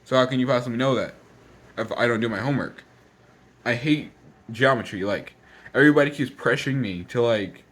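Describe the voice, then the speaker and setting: A teenage boy rants in a casual vlog, exasperated and repeating himself as he rushes his words, sounding slightly out of breath. His voice is medium-pitched and a bit bright.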